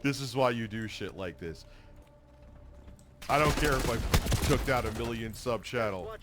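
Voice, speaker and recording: A man's voice: medium pitch, a little slow, a crowd in the background. A man streaming a profane reaction, mocking and sarcastic, swearing freely. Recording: noisy stream capture.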